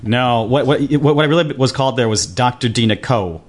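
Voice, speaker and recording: A man, a doctor and podcast co-host, telling a personal story with many pauses and restarts. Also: medium pitch. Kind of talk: casual podcast chat.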